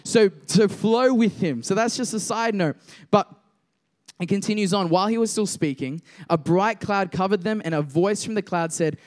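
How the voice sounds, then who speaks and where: High-voiced young man preaching casually. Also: lively intonation, darkish tone. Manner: conversational, jokes with congregation, builds to emphatic slow declarations. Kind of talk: casual sermon with scripture reading.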